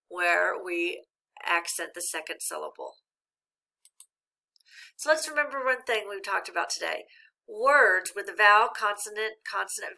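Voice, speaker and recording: A woman teacher giving a recorded reading lesson, speaking slowly and clearly and encouraging young learners. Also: medium pitch, bright, forceful tone.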